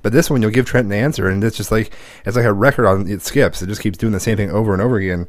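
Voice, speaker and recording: A man's voice: lowish voice, very fast, dry recording, clean studio sound. A man in casual chat, joking about his children and laughing often.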